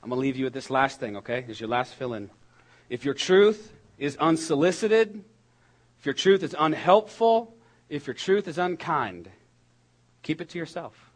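A man preaching a sermon in a conversational, animated way, with jokes and quick asides. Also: a little high. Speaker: pastor.

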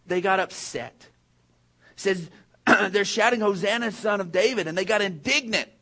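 A man's voice: high voice, normal speed, bright, forceful tone. A man preaching a sermon as pastor, telling a funny personal story and then making an earnest point to the congregation.

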